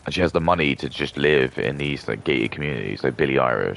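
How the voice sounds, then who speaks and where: Super deep creaky guy ranting on stream, rambly, dry sound. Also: expressive, quick pace, few pauses, a bit bright. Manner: rambling, contemptuous rant. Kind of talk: ranting casual monologue.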